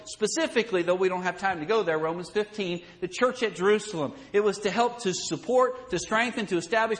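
High-voiced folksy male preacher. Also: a bit bright. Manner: folksy preaching with rising emphasis and chuckles. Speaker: pastor teaching a Sunday school lesson. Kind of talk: sermon.

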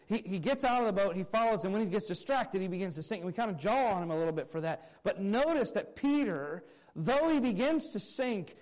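Man preacher, high voice, animated expository sermon that swings from raised points to soft asides. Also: low-quality recording. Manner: earnest expository preaching, reading scripture aloud; animated, swinging between raised emphasis and quiet low asides. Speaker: pastor.

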